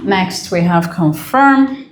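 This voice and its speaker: A woman's voice: on the low side, expressive, slow pace, reverberant, background noise. A woman teaching English for an exam, enthusiastic and repeating key phrases while asking the viewer questions. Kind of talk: exam prep lesson.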